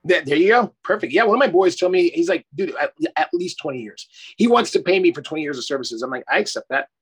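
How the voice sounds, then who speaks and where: A man's voice: high voice, lively intonation, fast, husky. A middle-aged man, a life coach, talking effusively and emphatically in a casual interview, swearing casually.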